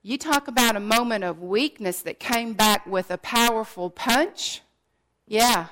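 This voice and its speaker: A woman's voice: a little high, measured pace, fairly bright tone. A middle-aged woman giving an emotional sermon, sharing her testimony earnestly and sometimes dropping almost to a whisper. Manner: earnest, drops to near whispers at painful moments.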